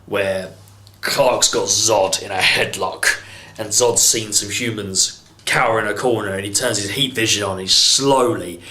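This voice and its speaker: A man's voice: on the low side, fairly even intonation, measured pace, bright, forceful tone, reverberant. An English man reviewing a film in an exasperated, sarcastic rant, swearing freely. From England. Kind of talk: ranting movie review.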